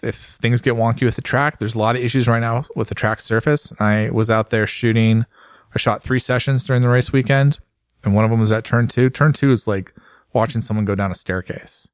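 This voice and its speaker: Male journalist, casual podcast chatter, low voice, dry close recording. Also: no echo. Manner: rambling, animated storytelling with fillers. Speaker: motorsport journalist and photographer.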